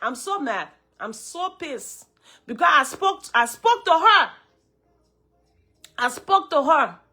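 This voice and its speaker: A Liberian woman hosting a live stream, her voice hoarse from a cold yet high and bright. She talks straight to her viewers, greets them by name and drives her points home by repeating them again and again. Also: big pitch swings, slow. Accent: Liberian English.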